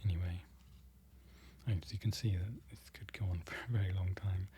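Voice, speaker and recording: Man, soft-spoken ASMR whisper, slow careful repetition, self-correcting learner, low warm tone. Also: steady tone, slight background noise. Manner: slow, careful repeating of foreign phrases. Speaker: ASMR creator learning a language.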